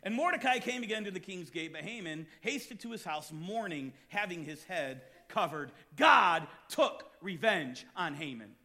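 A man preaching a sermon as pastor, reading scripture and telling stories, rising to shouts at times. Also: high-pitched, animated, moderate pace, hardly any pauses.

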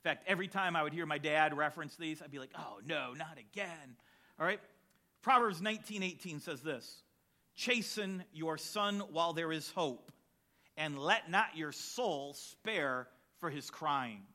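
A man preaching a sermon as a pastor, emphatic and building to shouts on key lines. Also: fairly high pitch, normal speed.

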